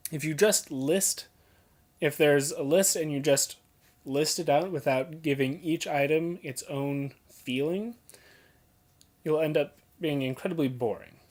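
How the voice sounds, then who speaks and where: A young adult explaining how to read poetry aloud, pointing out pauses and emphasis as clips play. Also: mid-range voice, darkish tone. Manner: points out details, emphasizes and repeats examples. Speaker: teacher explaining poetry reading. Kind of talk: casual spoken lesson.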